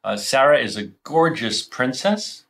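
A man's voice: medium pitch, very animated, unhurried, creaky, fairly bright tone. A man co-hosting a podcast, recapping a sitcom episode with easy humor. His voice sits mid-range, and he talks in a loose, chatty way that often breaks into laughter. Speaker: podcast co-host. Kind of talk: casual chat recapping an episode.

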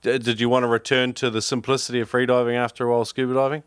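A man from New Zealand hosting a podcast, talking in a relaxed, chatty way with lots of ums and restarts. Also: mid-range voice, rapid-fire, smooth, no echo, clean studio sound. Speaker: podcast host. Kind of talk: casual interview chat.

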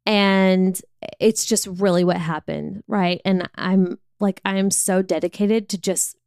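A woman's voice: mid-range voice, fairly even intonation, a little slow, a little mellow, clear, resonant tone, no echo, studio quality. A woman hosting a podcast, telling a personal story in a frank, confessional, conversational way. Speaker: podcast host.

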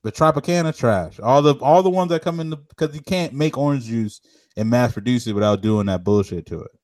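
A man's voice: mid-range voice, expressive, fairly quick, a little mellow, no echo, studio quality. A young man in casual chat, ranting and telling stories with lots of slang and swearing.

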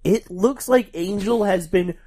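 Male co-host for a casual movie podcast; joking, quick asides, easy laughter. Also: high-pitched, mellow. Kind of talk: casual movie recap chat.

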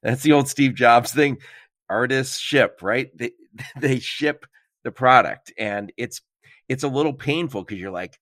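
A man's voice: mid-range voice, moderate pace, fairly bright tone, no echo, studio quality. A man hosting a podcast interview, reacting and chatting with reflective asides. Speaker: podcast host. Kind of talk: conversational interview.

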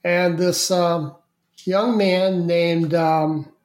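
A man appearing as a podcast guest, recounting a story in an unhurried, vivid way with frequent restarts. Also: a little high, steady tone, darkish tone. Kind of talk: conversational storytelling. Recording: roomy, echoey sound.

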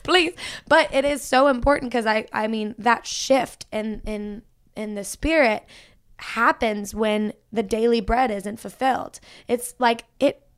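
A woman's voice: fairly high pitch, unhurried, clean tone, no echo, studio quality. A young woman, a podcast guest and country singer, talking earnestly about her faith and saying "like" a lot. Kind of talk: casual faith conversation.

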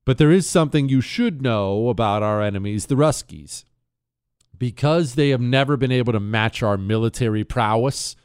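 A man hosting a talk show, talking in a brash, animated and sarcastic way, mixing an ad read with political talk. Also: mid-range voice, moderate pace, smooth, no room sound, clean studio sound.

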